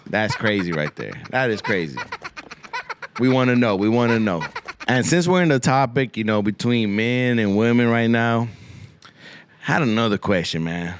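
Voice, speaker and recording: A man's voice: medium pitch, animated, normal speed, slight background noise. A man hosting a podcast, rambling through a crude comic monologue full of swearing and Spanish slang, often repeating himself. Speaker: podcast host.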